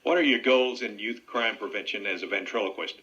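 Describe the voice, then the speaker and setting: A man's voice: fairly low pitch, a little fast, pushed and bright. A man who hosts a radio interview, asking plain and direct questions. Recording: dull lo-fi radio audio.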